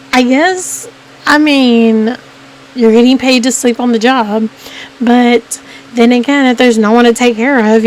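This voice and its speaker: A woman's voice: fairly high pitch, darkish tone, rough recording. A woman telling a personal story to her viewers in a casual vlog, rambling and restarting her sentences often. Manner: rambling, with frequent restarts and "I mean" fillers. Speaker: vlogger.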